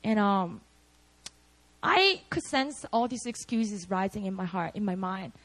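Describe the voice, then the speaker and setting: A woman's voice: mid-range voice, a little slow, a bit bright, low-quality recording. A young woman preaching a casual, storytelling sermon, chatty and full of "like" and "you know". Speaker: preacher at a prayer meeting.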